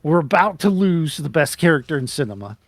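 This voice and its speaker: Gravelly man retelling a movie scene. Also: on the high side, fairly quick, no room sound, studio quality. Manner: gravelly, profane, excitable retelling. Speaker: podcast co-host. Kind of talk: casual movie review chat.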